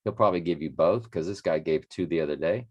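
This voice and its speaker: Bible study host, man, deep voice, casual reading and commentary, slightly winded. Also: quick pace, darkish tone, muffled recording. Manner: rambling, self-correcting, reads scripture aloud. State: a bit winded after a workout.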